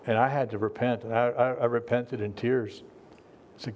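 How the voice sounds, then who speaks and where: Middle-aged male pastor, earnest and conversational, mid-pitched, stumbles and restarts as he preaches. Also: fairly even intonation, moderate pace, a little mellow, slight background noise. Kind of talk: sermon.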